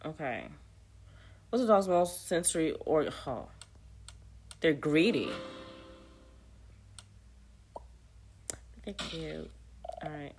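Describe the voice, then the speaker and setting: A woman with a lowish voice talks herself through a trivia game, reading each question aloud and reacting in loose, offhand asides. Her pitch swings widely between flat mutters and sudden jumps. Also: slow, pauses often, slight background noise. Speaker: player of a trivia app. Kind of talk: casual gameplay commentary.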